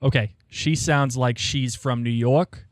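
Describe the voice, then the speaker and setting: A man from the Boston area co-hosts a podcast in relaxed chat and jokes often. His mid-range voice comes across dry and close-miked. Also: mid-range voice, unhurried, no echo. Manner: joking, laughs easily. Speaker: podcast co-host. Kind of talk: casual chat.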